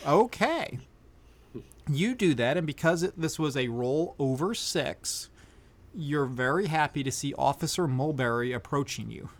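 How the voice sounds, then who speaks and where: A man's voice: fairly high pitch, lively intonation, a little slow. A man running a tabletop game as game master, narrating easily and thinking aloud. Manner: easygoing, thinks aloud with fillers.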